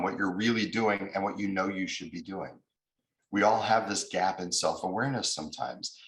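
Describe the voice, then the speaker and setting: A man's voice: deep voice, fairly bright tone, roomy sound, poor audio. A man giving a mediation training lecture over a video call, explaining step by step and now and then acting out angry voices.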